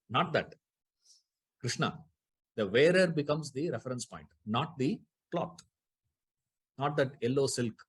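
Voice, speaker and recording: Husky man teaching a scripture class. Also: mid-range voice. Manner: asks the class rhetorical questions, repeats key terms. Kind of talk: explaining Sanskrit grammar in a class.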